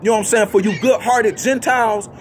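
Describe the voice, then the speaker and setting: A man with a notably high voice preaches a freestyle street sermon, blunt and fiery. He cusses freely and keeps tagging his lines with "man." Faint vehicle noise hums behind him. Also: a little fast. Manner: fiery and blunt, cussing, with constant "you see what I'm saying" and "man" tags.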